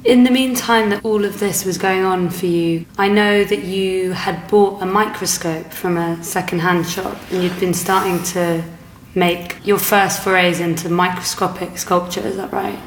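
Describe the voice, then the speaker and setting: A woman who interviews the guest and narrates in between, with measured, clear delivery. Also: on the low side, steady tone, echoey room, slight background noise. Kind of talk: interview questions and scripted narration.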